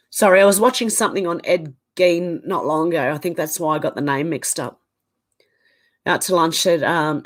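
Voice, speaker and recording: A woman with an Australian accent hosting a casual livestream, reading viewer comments aloud and reacting to them. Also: on the low side. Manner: reads out chat comments and reacts conversationally.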